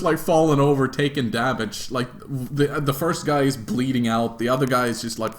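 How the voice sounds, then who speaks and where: A man's voice: medium pitch, normal speed. A young man, hosting a casual chat and telling a tabletop game story with lots of laughing and swearing. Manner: animated, laughing, swearing freely. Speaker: host.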